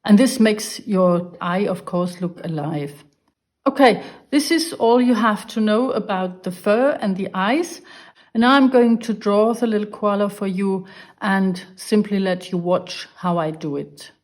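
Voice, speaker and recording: A woman teaching a beginners' drawing lesson. She talks slowly and patiently and walks through each step as she sketches. Her voice sits at an ordinary middle pitch. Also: darkish tone. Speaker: art teacher.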